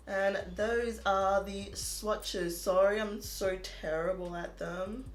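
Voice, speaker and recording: A woman's voice: medium pitch, steady tone, slow pace, hardly any pauses, roomy sound, faint music behind. An Australian woman reviewing makeup in a casual, chatty vlog, full of "like" and self-amused laughs. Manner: chatty, lots of "like", laughs at herself. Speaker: beauty vlogger. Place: home room.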